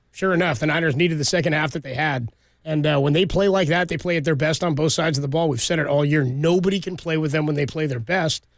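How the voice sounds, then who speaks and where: A man co-hosting sports talk radio, telling stories in an excited, rapid way. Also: fairly high pitch, vocal fry, dry recording, studio quality.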